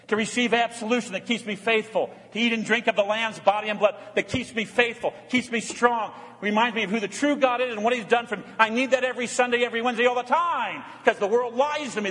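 A man's voice: high voice, fairly bright tone. An older man, a pastor preaching a sermon in a church, with earnest emphasis that rises and falls. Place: church sanctuary. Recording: long hall reverb.

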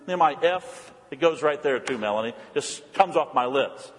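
A male pastor preaching a sermon, swinging between loud, animated lines and hushed, quiet ones. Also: medium pitch, moderate pace, big-room sound, slight background noise.

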